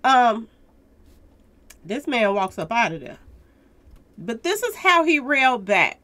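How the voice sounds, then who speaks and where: A woman's voice: fairly high pitch, big pitch swings, slow pace, sharp tone. A woman hosting a casual news commentary, talking straight to her viewers, repeating her points with emphasis. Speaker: commentary channel host.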